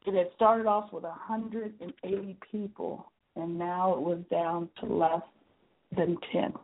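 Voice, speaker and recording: A woman author reading aloud from her own memoir in an earnest, measured storytelling manner, with a husky voice. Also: fairly low pitch, flat delivery. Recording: tinny phone-like sound.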